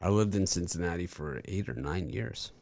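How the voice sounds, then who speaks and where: At normal speed, a man with a low-pitched, creaky voice and no echo hosts a sports betting show. He chats casually with animated energy, rambling through his stories.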